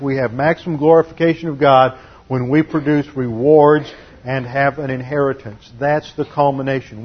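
A pastor delivering a methodical teaching sermon, laying out numbered points with steady emphasis. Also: male voice, mid-range voice, slightly rough, lo-fi sound. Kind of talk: expository sermon.

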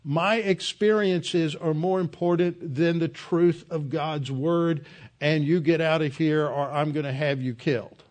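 A preacher voicing an arrogant, grieving king who angrily refuses advice, his voice raised well above his usual pitch. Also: steady tone, a little slow, lightly acted. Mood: defiant. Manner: indignant, shouting back.

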